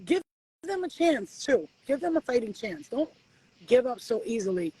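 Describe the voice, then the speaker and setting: A woman hosting a live stream as a spiritual reader delivers a profane, preachy pep talk full of swearing. She is animated, her pitch swoops and she slows down for emphasis. Her voice is slightly rough, and so is the recording.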